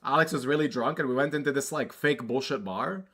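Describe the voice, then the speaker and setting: A poker streamer chatting casually on a live stream, thinking out loud and joking at his own expense. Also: medium pitch, a little fast, breathy edge. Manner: chatty, self-mocking, thinks out loud with restarts.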